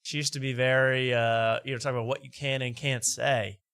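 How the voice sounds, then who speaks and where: A man's voice: mid-range voice, level tone, fairly quick, fairly bright tone, smooth, no echo, studio quality. A man hosting a comedic late-night talk show, rambling and mocking as he halts on fillers.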